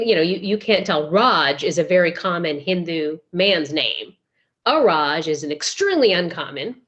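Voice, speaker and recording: Wry, brisk woman panelist with a lively, lowish voice, dull lo-fi call audio. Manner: brisk and wry, with quick asides. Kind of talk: panel discussion over video call.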